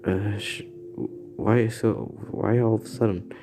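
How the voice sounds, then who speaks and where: A man voicing a sleepy, hesitant teenage boy who mumbles, in his own deep voice. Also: steady tone, unhurried, mellow, slight background noise, lightly acted.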